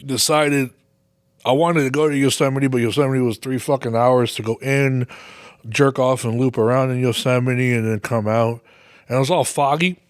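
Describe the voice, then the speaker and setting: A male podcast host tells a rambling, casual story packed with swearing, laughing at his own tales as he goes. His voice is medium-pitched, steady and resonant at a normal speed, recorded clear and studio quality with no room sound.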